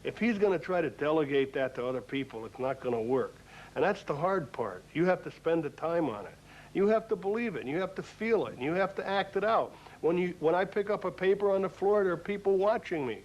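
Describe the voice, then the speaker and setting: A man's voice: sits high, lively intonation, fairly quick, a little mellow. An older man who runs a store, speaking earnestly in a folksy, storytelling way about managing people. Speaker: store owner. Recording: dull lo-fi film audio.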